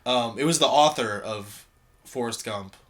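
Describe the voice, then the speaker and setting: A man's voice: mid-range voice, a little slow, fairly bright tone. Rambling man co-hosting a podcast. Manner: rambling, lots of ums and likes. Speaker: podcast co-host. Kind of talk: casual film review chat.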